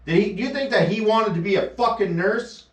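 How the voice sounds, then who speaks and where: Male streamer, scornful profane rant, voice a bit high, picked up distant in a roomy space. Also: a little fast. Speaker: live streamer. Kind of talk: angry rant reacting to a news clip. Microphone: action camera mic. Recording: echoey, distant from the mic.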